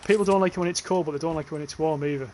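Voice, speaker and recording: Northern english man, young adult, casual gaming chat, swears a lot, bit of a high voice, faint noise behind. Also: rapid-fire, mellow. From northern England. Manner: chatty, swears freely, reads chat aloud. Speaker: livestreamer.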